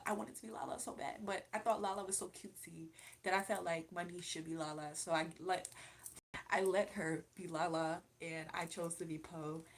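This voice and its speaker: Chatty young woman on a livestream. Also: medium pitch. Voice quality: chatty and rambling with frequent laughs. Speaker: livestream host. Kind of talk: casual livestream chat reading viewer comments.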